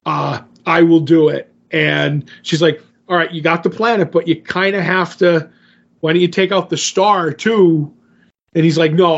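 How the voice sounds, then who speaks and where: A man talks through a comic book plot in a loose, rambling podcast chat, paraphrasing what the characters say. His voice sits a bit high for a man. The recording sounds muffled and lo-fi. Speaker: podcast co-host. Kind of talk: casual comic book recap.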